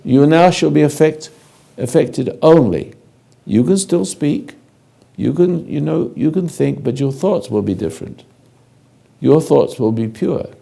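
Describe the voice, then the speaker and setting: An older man giving a slow, halting spiritual lecture, speaking directly to a listener in a commanding way. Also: fairly high pitch, lively intonation, vocal fry, mellow. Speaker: spiritual teacher.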